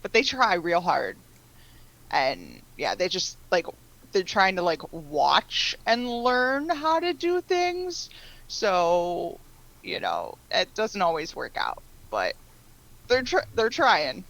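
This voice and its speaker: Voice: mid-range voice, huge pitch swings, takes it slowly, vocal fry, fairly bright tone, poor audio. A tabletop game player chatting casually, hesitant and rambling. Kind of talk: casual chat.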